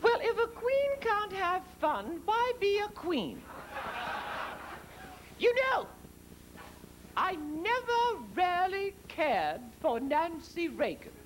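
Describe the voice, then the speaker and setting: A man puts on a grand, catty older queen with a very high, swooping voice that leaps far up and down. She speaks slowly and imperiously, savoring each barb. A faint hiss sits under this live stage recording. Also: fairly bright tone, heavily acted. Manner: grand, imperious, camp, with sudden drops into a low voice. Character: haughty aging female queen, grand and catty. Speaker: drag comedian. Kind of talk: stand-up drag impression.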